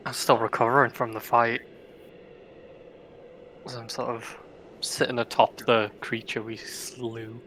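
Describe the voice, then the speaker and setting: Man, tabletop player, bright forceful tone, faint hiss. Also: medium pitch, level tone, measured pace, pauses often, rough recording. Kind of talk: casual game chat in character actions.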